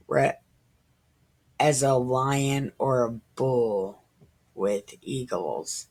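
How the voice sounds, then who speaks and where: Here a thirty-something woman reads scripture very slowly, leaving long pauses, her rumbling low voice carrying a darkish tone. Her reflections are casual and irreverent, and now and then she lapses into whispers.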